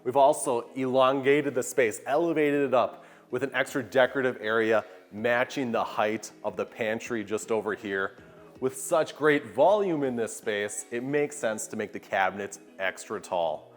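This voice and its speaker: A man's voice: mid-range voice, normal speed. An upbeat man giving a walkthrough tour of a large kitchen, enthusiastically pointing out its features. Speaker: home tour guide. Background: soft background music.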